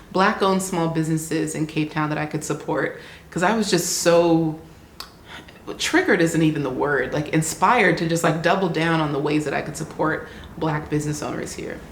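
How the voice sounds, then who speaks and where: Woman, travel vlogger, lowish voice, animated storytelling, roomy echo, faint room ambience. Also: a little hiss or hum. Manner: animated, laughs often, restarts sentences. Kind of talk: casual storytelling diary.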